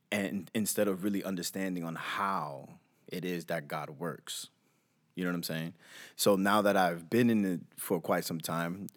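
A man co-hosting a podcast, talking in a laid-back, reflective way and often asking "you know what I'm saying". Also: sits low. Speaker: podcast co-host. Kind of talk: casual chat.

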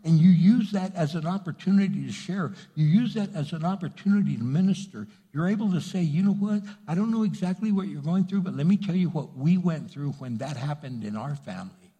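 Husky-voiced man preaching in a reverberant hall. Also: on the high side, animated, a little fast, few pauses, warm tone. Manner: earnest, repetitive preaching, speaks directly to the congregation. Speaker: pastor. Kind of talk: sermon.

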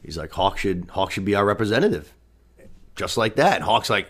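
A man's voice: sits low, animated, fast. A man hosting a podcast, recapping a TV season in casual, profane chat full of "you know what I mean". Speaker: podcast host.

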